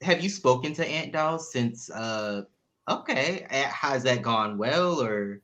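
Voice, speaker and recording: A man co-hosting a casual video-call interview, playful and giggly as he runs a quick game. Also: medium pitch, lively intonation, fairly bright tone. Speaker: podcast co-host.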